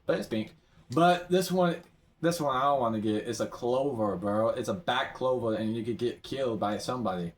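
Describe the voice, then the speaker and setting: A man rambling through a game's item shop in casual commentary, excitable, his voice often jumping up high. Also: normal speed. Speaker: gamer browsing an item shop.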